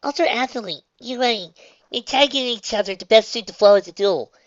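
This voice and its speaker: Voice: mid-range voice, moderate pace, no room sound, dull audio, pitched above the performer's own voice, natural voice. A reader voicing an eager little girl explaining a card game.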